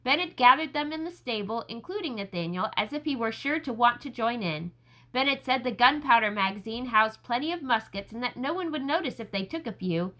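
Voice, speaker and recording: A woman narrating a historical novel audiobook, reading expressively and acting out the characters' lines. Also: a little fast. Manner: expressive, raises pitch for shouted lines.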